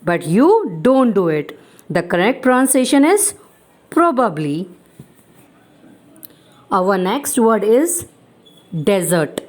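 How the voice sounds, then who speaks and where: A woman's voice: mid-range voice, very animated, takes it slowly, long pauses. A woman teaching English pronunciation, repeating words and quizzing her viewers with questions. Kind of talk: pronunciation lesson.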